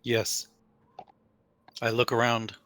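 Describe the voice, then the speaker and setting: A man's voice: medium pitch, level tone, slow pace, fairly bright tone. Hesitant playful male player. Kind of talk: playing a tabletop game.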